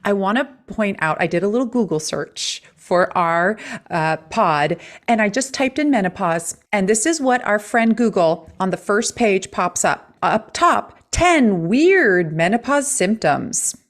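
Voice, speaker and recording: A middle-aged woman hosting a podcast, chatty and animated in conversation with her guest. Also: medium pitch, unhurried, few pauses. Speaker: podcast host. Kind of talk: casual podcast interview.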